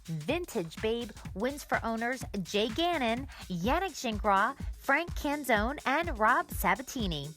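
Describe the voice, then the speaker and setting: A woman's voice: sits high, a bit bright. A woman presenter reading a scripted, polished voice-over. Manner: polished, announcing. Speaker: show presenter.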